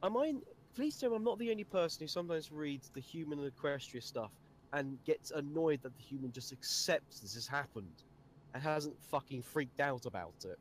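A man's voice: on the high side, lively intonation, moderate pace, a little hiss or hum. Blunt, sweary British man. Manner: blunt, sweary, dry humor. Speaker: podcast guest. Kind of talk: casual chat.

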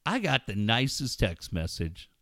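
A man's voice: lowish voice, big pitch swings, measured pace, fairly bright tone, no room sound, clean studio sound. A middle-aged male co-host in rowdy, profane comedic radio banter, laughing often. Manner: rowdy, cursing, laughs a lot.

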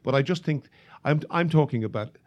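A man's voice: fairly high pitch, a little fast, dull audio. A male guest in casual panel chat, talking enthusiastically.

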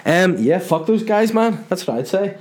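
A young Northern Irish man with a high-pitched, animated voice and a darkish tone talks at a moderate pace. He's a comedian answering viewer questions in casual chat, reading their messages aloud in a loose, jokey way and swearing as he goes.

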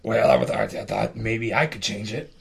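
A man's voice: lowish voice, steady tone, normal speed, creaky. A man playing a blustering, paranoid conspiracy talk-show host in an improv comedy bit, rambling earnestly and getting worked up. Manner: rambling, earnest, prone to emotional outbursts.

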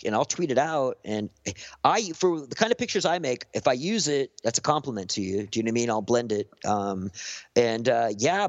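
A man's voice: mid-range voice, no echo, muffled recording. A man with a Southern Californian accent, a podcast guest chatting in a laid-back, rambling way with many fillers. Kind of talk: casual podcast chat. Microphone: close podcast mic.

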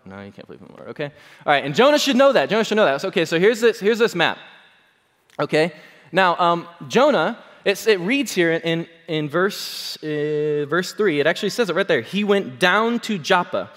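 A man's voice: high voice, moderate pace. A man preaching a sermon in a conversational, joking way, checking in with his listeners often. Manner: conversational, animated, jokes with congregation. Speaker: pastor. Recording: long hall reverb.

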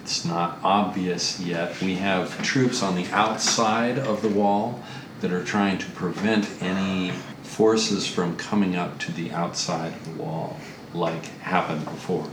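A man doing a stern woman commander who briefs her allies slowly and gravely, in a very deep voice. The sound is roomy and picked up from a distance, with steady background noise underneath. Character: stern female military leader under siege.

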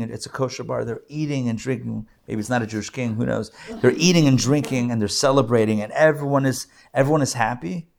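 A man's voice: mid-range voice, vocal fry. A rabbi, a man, teaching a live class to a group and telling a story with playful asides and jokes. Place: classroom with audience.

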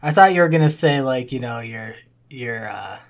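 Male podcast host, mid pitch, relaxed, quick reactive quips. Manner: relaxed, laughs along, brief reactions. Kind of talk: casual podcast chat.

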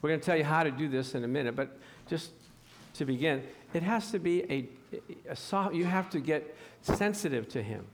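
A man preaching a sermon, animated and acting out scripture scenes as he teaches. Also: on the high side, moderate pace, slight background noise.

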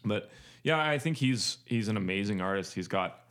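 With a fairly low-pitched yet fairly bright voice, a podcast co-host chats casually at a moderate pace and with lively intonation. He rambles, cracks jokes, and leans on lots of fillers.

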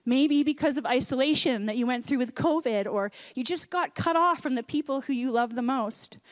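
A woman pastor delivering a sermon, earnest, dropping to a soft hush on quoted lines. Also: high-pitched.

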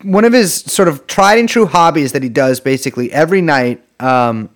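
A podcast co-host chatting casually with a sardonic, rambling manner and frequent laughter. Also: male voice, a little high, moderate pace. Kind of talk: casual chat.

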